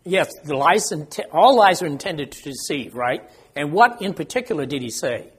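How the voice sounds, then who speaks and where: An older man leads an informal Bible study, his voice on the high side, expressive, and slightly rough at a normal pace. He talks conversationally, quizzes the group, and jokes about his own memory.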